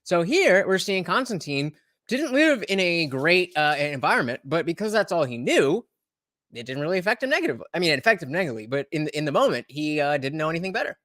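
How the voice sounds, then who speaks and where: Male reaction host, lively swinging pitch, emphatic, dry booth sound. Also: fast talker, no echo. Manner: animated, emphatic commentary. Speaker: YouTube commentary host. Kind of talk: reaction commentary.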